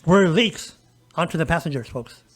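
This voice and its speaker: Emphatic high-pitched man on a podcast. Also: lively intonation, moderate pace, slightly rough. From El Paso area, US. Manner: emphatic, repeatedly addressing listeners with "folks" and "okay?". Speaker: disability advocate guest. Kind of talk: conversational podcast interview.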